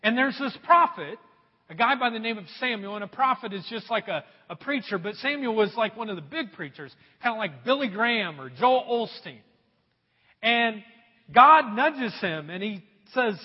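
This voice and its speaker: A male pastor delivers an animated sermon in a notably high, husky voice. His pitch leaps around as he tells the story. The sound is dull and trails off in a long hall echo. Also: normal speed. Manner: animated storytelling, talks to the congregation.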